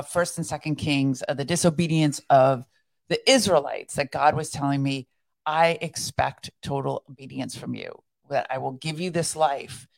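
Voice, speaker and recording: A deep, creaky female voice belongs to a podcast co-host. In a casual faith conversation, she tells the story of her faith in an earnest, reflective tone.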